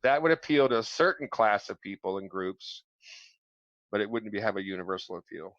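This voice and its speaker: Male host, lowish voice, jokey rambling talk, dull dry stream sound. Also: lively intonation, fairly quick, a bit bright, dry recording. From mix of New York and Midwest. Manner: joking, rambling. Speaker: show host. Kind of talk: casual live-stream chat.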